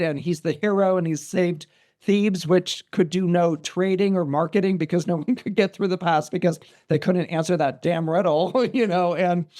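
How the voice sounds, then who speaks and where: A man, a guest astrologer, retelling a myth in a casual, animated way with many restarts and asides. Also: high voice. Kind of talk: casual podcast storytelling.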